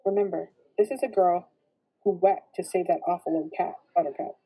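A woman reading a novel aloud in steady first-person narration. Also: lowish voice, moderate pace, breathy edge, poor audio. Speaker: reader.

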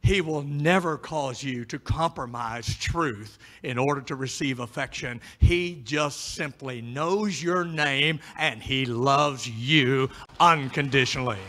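A middle-aged pastor preaching a sermon, moving between quiet pleading and loud, emphatic preaching. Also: male voice, medium pitch, takes it slowly, few pauses.

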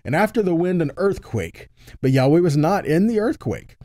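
A man leads a Bible teaching, reading passages aloud and stopping to comment, often repeating himself as he goes. His voice is warm and mellow and sits a little higher than usual, recorded dry and close with no room sound. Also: big pitch swings, normal speed, dry recording. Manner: reads scripture aloud with frequent asides and repetitions.

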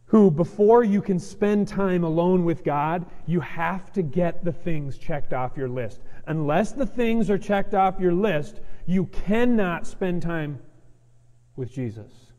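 A man's voice: sits high, lively intonation, takes it slowly, dull audio. A preaching man in a reverberant church. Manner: earnest, emphatic preaching that swings between loud urgency and soft gentle stretches. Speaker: pastor. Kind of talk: sermon. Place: church sanctuary.

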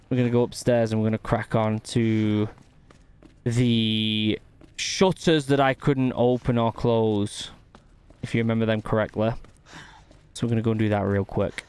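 A man's voice: lowish voice, fairly even intonation, moderate pace, darkish tone, slight background noise. A man giving gameplay commentary, thinking aloud and muttering to himself as he works out puzzles. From United Kingdom. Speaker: gaming channel host.

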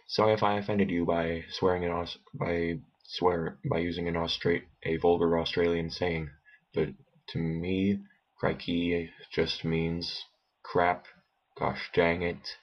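A man's voice: sits low, husky, lo-fi sound. A man giving let's play commentary, muttering to himself and bursting into alarm at enemies. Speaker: gameplay commentator.

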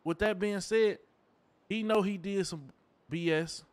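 A man streaming a game role-play, talking in a pushy, insistent way that sometimes drops to a low pleading tone. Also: a little slow. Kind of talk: casual role-play banter.

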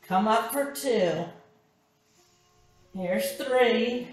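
Slow-talking woman counting workout reps. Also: on the high side, far from the mic. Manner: counting reps and giving short cues. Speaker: fitness instructor. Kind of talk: workout class instruction. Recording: echoey room with background music.

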